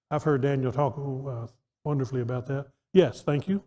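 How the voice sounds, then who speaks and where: Speaking at a moderate pace with a mellow, medium-pitched voice and fairly even intonation, a man runs a conversational, interactive Bible class. He asks his audience questions and keeps restarting sentences, and the echo of the church auditorium is audible.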